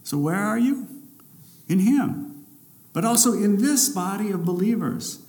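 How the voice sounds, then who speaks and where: A man preaching from the pulpit in a somewhat high voice. He delivers his sermon with dramatic swings, rising loud and forceful on some lines and dropping low and hushed on others. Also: expressive, measured pace. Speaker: pastor.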